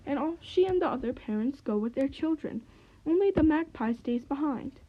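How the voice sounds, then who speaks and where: A woman reading a children's story aloud, gentle and clear. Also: high-pitched, animated, moderate pace, lo-fi sound.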